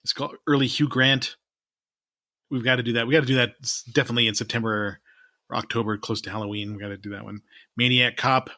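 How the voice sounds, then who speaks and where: Speaking quickly in a mid-range voice with fairly even intonation, this podcast co-host sounds bright and forceful. He rambles in a relaxed, casual chat, his sentences fading out at the ends. It's studio-quality audio with no room sound.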